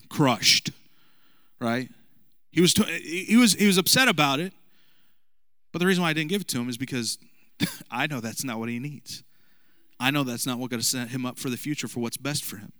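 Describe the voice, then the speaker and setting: A man's voice: mid-range voice, pushed and bright, clean tone, dry recording. A man in his thirties, a pastor giving a casual, joking sermon with asides to the congregation. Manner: conversational, jokey preaching with asides to the congregation.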